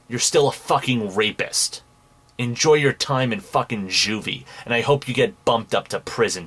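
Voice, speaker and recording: A man's voice: mid-range voice, lively intonation, normal speed, breathy edge. Angry ranting young man. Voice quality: profane, mocking, ranting. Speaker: commentary podcast host. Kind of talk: angry profane commentary.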